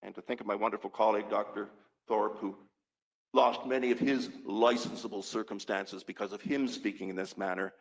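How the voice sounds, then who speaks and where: An older man with a low, gravelly voice testifies as a physician at a public hearing. He speaks earnestly and with emphasis, a little short of breath, and he hammers key points home by repeating them. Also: fairly even intonation, fairly quick, poor audio.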